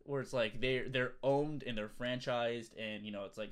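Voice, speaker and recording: A man's voice: medium pitch, fairly even intonation, normal speed, fairly bright tone, clear, resonant tone. A man co-hosting a podcast in casual chat, rambling with many fillers and restarts. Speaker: podcast co-host.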